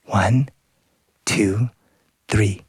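A male storyteller voicing a small, stubborn male mouse husband who speaks slowly and teasingly. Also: fairly low pitch, fairly even intonation, a little mellow, breathy edge, dry recording, studio quality, voice pushed down, heavily acted. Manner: slow, deliberate, teasing.

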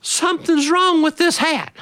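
A squeaky little boy. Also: fairly even intonation, a little slow, pushed and bright, heavily acted. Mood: whiny. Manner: high squeaky childish pleading. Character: little boy, young and whiny.

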